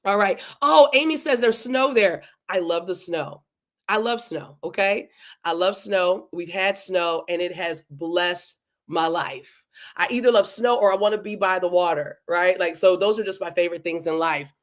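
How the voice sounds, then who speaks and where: A woman's voice: fairly low pitch, normal speed. A woman hosting a live podcast, greeting viewers one by one and talking to them in an effusive, repetitive way. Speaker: podcast host. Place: home in Delaware.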